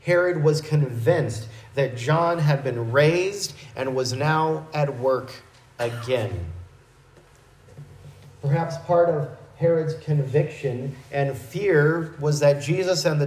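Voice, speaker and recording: A man preaching a verse-by-verse Bible teaching in a measured, explanatory way, with small restarts. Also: mid-range voice, darkish tone, echoey room, poor audio.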